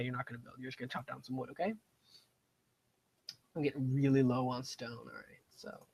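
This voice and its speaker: A man's voice: fairly high pitch, a little mellow, breathy edge, no echo, rough recording. Young man rambling over a strategy game. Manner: rambling, digressive, talks to himself about the game. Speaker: game streamer. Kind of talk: casual gameplay commentary.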